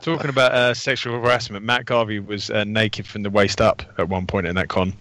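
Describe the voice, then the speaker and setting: Easygoing male co-host, low-pitched, casual chat. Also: fairly even intonation, brisk, very noisy.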